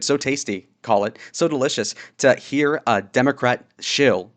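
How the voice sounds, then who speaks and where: A man's voice: mid-range voice, unhurried. A man giving sarcastic, mocking commentary on social media posts, with frequent fillers. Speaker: political commentary YouTuber.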